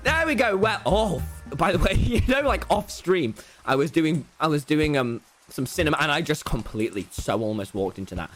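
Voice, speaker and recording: Loud, boastful young streamer man. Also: on the high side, big pitch swings, moderate pace, soft background music. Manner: loud, boastful, jokey, often yelling and laughing. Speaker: live streamer. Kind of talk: excitable gaming livestream chat. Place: home room.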